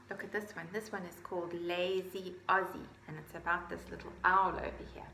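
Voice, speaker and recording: A woman reading a picture book aloud to children, animated and pointing out the pictures as she goes. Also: on the low side, moderate pace, gravelly, echoey room, slight background noise. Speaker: children's story reader.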